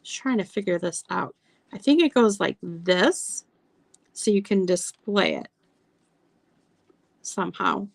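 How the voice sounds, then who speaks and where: Slow, gravelly-voiced woman chatting on a live stream. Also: mid-range voice, sing-song, no room sound. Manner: chatty, lingers over details, reads card verses aloud. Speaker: online seller showing vintage items. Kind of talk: casual live sales chat.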